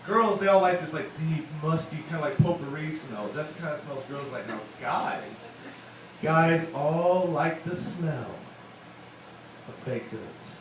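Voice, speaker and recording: A man's voice: on the high side, a little slow. A young man performing a rambling, self-deprecating stand-up set at an open mic in a wine bar. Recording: echoey room, distant mic, bar noise.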